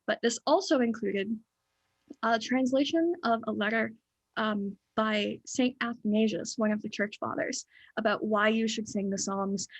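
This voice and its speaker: A woman, maybe in her thirties, giving an illustrated church lecture, explaining eagerly with frequent fillers and restarts. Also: mid-range voice.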